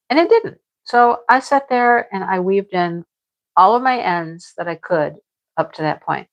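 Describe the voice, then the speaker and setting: A woman's voice: on the low side, big pitch swings, unhurried, dull audio. A middle-aged woman chatting casually to her viewers about her crochet projects, rambling and repeating herself. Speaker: crochet vlogger.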